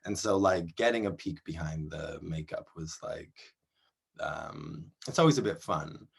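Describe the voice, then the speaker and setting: A man in his thirties, from Canada, speaks in a deep, low voice. He talks through a casual interview in an animated, rambling way, full of fillers and quick laughs. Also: gravelly, breathy edge. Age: 30s. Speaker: performer and interview guest.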